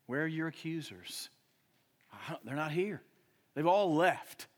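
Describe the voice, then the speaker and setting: Man preaching with loud surges and hushes. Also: on the high side, lively intonation, measured pace. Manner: preaching with sudden loud emphatic rises and hushed drops. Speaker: pastor. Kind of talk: sermon.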